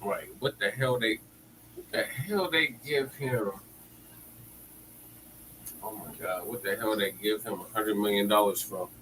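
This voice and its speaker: A man's voice: lowish voice, a little slow, pauses often, fairly bright tone, a little hiss or hum, low-quality recording. A man co-hosting a casual political chat, mostly chiming in with short agreeing replies and chuckles. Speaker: co-host.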